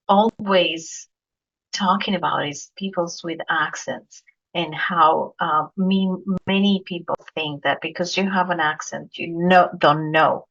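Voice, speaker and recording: A slightly bright, lowish female voice belongs to a Colombian podcast host with a Spanish accent. In a relaxed interview, she recounts stories sincerely, repeating words often as she gropes for what to say, all captured on a dull lo-fi recording.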